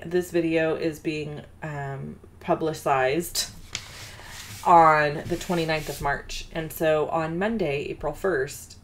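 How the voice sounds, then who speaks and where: A woman hosting a card-making video, chatting casually and rambling into a personal story with self-deprecating asides. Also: deep voice. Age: adult mother of a daughter.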